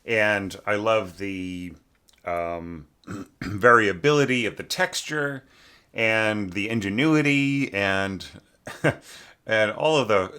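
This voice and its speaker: A man teaching orchestration, talking through a student's score in a relaxed, chatty way with frequent ums, light laughs and throat clearing, sometimes singing rhythms aloud. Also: fairly low pitch. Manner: sings rhythms aloud to demonstrate. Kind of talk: casual spoken lesson.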